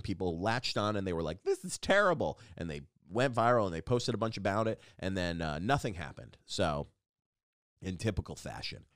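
A man's voice: fairly low pitch, clean tone, dry recording, studio quality. A man hosting a casual solo podcast, rambling and self-deprecating with lots of restarts. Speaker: podcast host.

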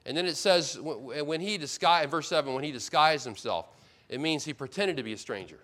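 A male pastor delivering an expository sermon in an earnest, emphatic voice that sits a little high for a man. He hammers key points home through repetition and often stumbles, then restarts a phrase. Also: fairly quick, fairly bright tone.

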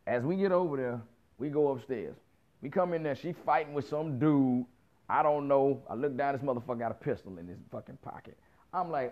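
Speaking fairly quickly in a medium-pitched voice, a man in his thirties rants casually through a story, animated and profane, full of slang and acted-out quotes. The recording comes across muffled and lo-fi.

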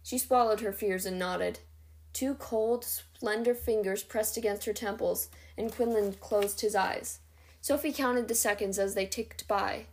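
A woman reading a novel chapter aloud in a steady, even narration. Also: medium pitch, measured pace. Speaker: reader.

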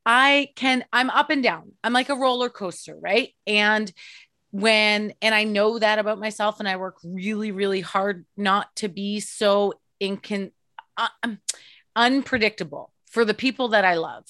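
Woman, forties, frank and animated podcast talker, dead-dry close mic. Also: measured pace, no room sound. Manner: expressive, swears freely, mimics herself with big pitch jumps. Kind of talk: candid casual chat.

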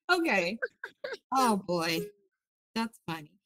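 Animated woman chatting in a group interview. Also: medium pitch, rough recording. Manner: animated, acts out character lines.

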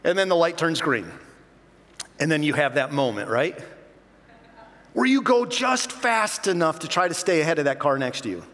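A middle-aged pastor telling self-mocking stories in an animated sermon. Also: male voice, on the high side, normal speed, long pauses, long reverb tail.

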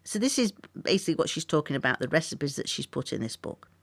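A British woman with a lower-set voice that swings up and down a lot as she chats, wry and a little cheeky. She sounds jet-lagged, and the recording is close and dry with no room sound. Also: very animated, quick pace, gravelly, dry recording. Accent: British English. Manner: chatty, wry, swears mildly. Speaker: podcast co-host. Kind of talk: casual chat.

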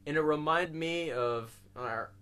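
A man's voice: on the high side, measured pace, pushed and bright, clear, resonant tone. A young man on a podcast telling a rambling story, swearing constantly and laughing at himself. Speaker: podcast co-host. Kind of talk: casual storytelling.

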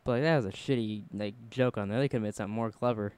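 A man's voice: lowish voice, steady tone, fast talker, a little mellow, clean tone, no room sound. A man hosting a podcast, chatting casually and jokingly about a TV episode, rambling and acting out characters' lines. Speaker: podcast host. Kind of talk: casual chat recapping a TV episode. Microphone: studio mic.

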